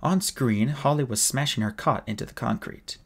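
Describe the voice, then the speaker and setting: A man reads a novel aloud in a gravelly, husky voice at a middling pitch. His storytelling is steady and plain, carrying the chapter along. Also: moderate pace. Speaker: audiobook reader.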